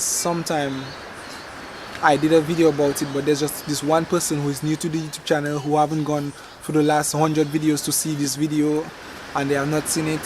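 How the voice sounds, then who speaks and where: A high-pitched man with a Dominican accent rambles to camera as the host of a gardening vlog, telling stories in an animated way. His voice rides over a faint outdoor hum with vehicles now and then. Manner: rambling, animated storytelling with dramatic outbursts. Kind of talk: casual chat to camera.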